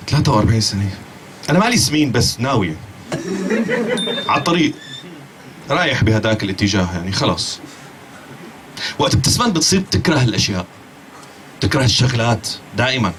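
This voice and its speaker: A man's voice: mid-range voice, very animated, rapid-fire, long pauses, background noise. A man doing self-mocking, chuckling stand-up. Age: 40s. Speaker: stand-up comedian. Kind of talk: stand-up monologue.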